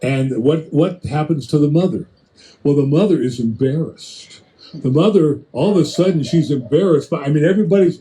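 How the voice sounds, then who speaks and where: A man preaching in a conversational Bible-teaching style, addressing listeners directly with quick restarts and acted-out asides. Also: on the high side, warm tone, poor audio.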